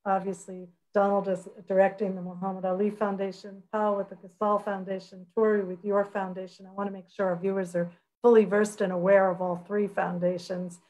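A woman moderating a webcast panel over a video call, wrapping up with thanks and a measured, storytelling delivery. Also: medium pitch, level tone, poor audio. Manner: warm storytelling, measured and grateful.

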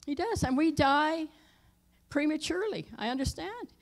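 A middle-aged woman pastor telling a personal story in a sermon, dropping her voice low for tense moments and rising loud for emphasis. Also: animated, moderate pace. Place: church sanctuary.

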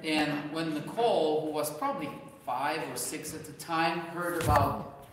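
A man's voice: fairly high pitch, unhurried, background noise. A man in his forties with a Romanian accent, a priest giving a parish lecture in a conversational way with some restarts. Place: large echoey church hall. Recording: echoey hall from far off.

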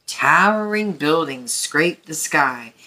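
A woman reading a picture book aloud at story time, gently and expressively for young children. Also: low-pitched, lively intonation, slow pace.

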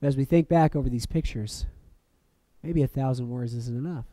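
A man preaching a reflective sermon, letting phrases fall soft and then lifting sharply for emphasis. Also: medium pitch, normal speed, dry recording. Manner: reflective, with soft dropping phrase ends and sudden lifts.

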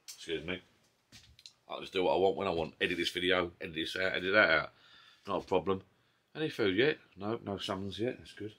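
His voice is low, pushed and bright, and he speaks briskly. The man is a vlogger from Essex, England, with an Essex English accent, chatting over beers in his garden pub shed on a camera mic, rambling and breaking off mid-thought.

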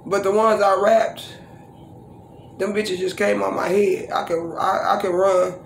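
A woman's voice: mid-range voice, little pitch movement, unhurried, gravelly, a little hiss or hum. A woman vlogging casually and breaking into profane, boastful freestyle raps, recorded in her living room. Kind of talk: casual vlog talk with freestyle rapping. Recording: roomy echo in a home.

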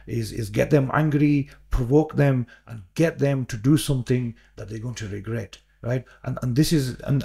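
A man's voice: medium pitch, creaky, dark tone. A man, guest on a podcast, talking earnestly with many fillers and repeated words. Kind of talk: casual podcast conversation.

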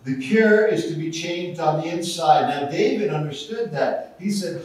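A man preaches from the pulpit, telling a story with animated delivery. His voice sits a little high and comes from some distance, caught in a very echoey sanctuary with a faint hiss of noise underneath. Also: moderate pace, few pauses. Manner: storytelling with acted-out voices and rising intensity. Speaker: pastor. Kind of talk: sermon. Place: church sanctuary.

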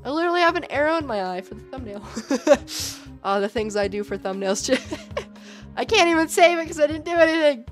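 A young woman with a high, bright voice chats and giggles her way through a live gaming stream, talking straight to her viewers. Faint game music plays under her voice. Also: expressive, brisk. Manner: giggly, chatty, talks straight to chat, calls people bro. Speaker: livestreamer.

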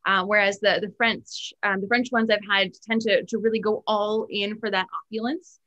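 A woman sommelier talking about wine in a thoughtful, measured way, with frequent hesitant fillers. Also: mid-range voice, level tone, bright, forceful tone, lo-fi sound. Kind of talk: casual tasting chat.

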